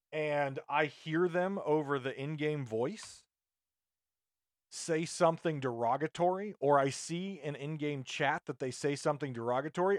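A man's voice: fairly high pitch, no echo, studio quality. Indignant man ranting on a podcast. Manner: indignant, rambling with frequent restarts. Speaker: podcast host. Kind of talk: podcast monologue rant.

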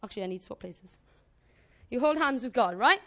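A woman giving an informal, energetic sermon to her church, joking and demonstrating as she talks. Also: fairly high pitch, brisk. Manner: energetic, animated, jokey. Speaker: church speaker.

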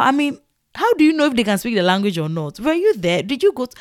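A woman in a casual ranting monologue, animated and mocking, full of rhetorical questions and laughs. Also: lowish voice, moderate pace, no room sound, clean studio sound. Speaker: vlogger.

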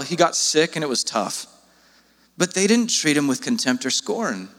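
A man preaching a sermon as pastor, earnest and pleading, his voice jumping up in pitch when he presses a point. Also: very animated, normal speed, a bit bright, long reverb tail.

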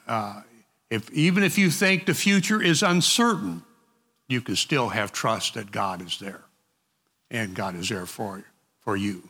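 A man leads a group Bible study in a bright, forceful voice. He speaks slowly and conversationally, often repeating words and restarting sentences. His voice carries a long reverb, as if the room is large and hard-walled. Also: mid-range voice.

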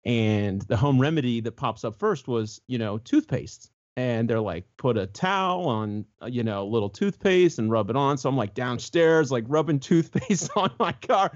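Animated storytelling man, muffled audio. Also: medium pitch, moderate pace, hardly any pauses. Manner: animated, jumps into voices when quoting others. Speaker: co-host. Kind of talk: casual storytelling chat.

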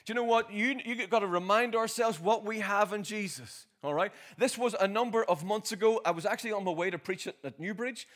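A man's voice: high voice, fairly quick, hardly any pauses, fairly bright tone. A Northern Irish man in his forties preaching a sermon, telling a homely story and building up into rousing exhortation. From Northern Ireland. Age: 40s.

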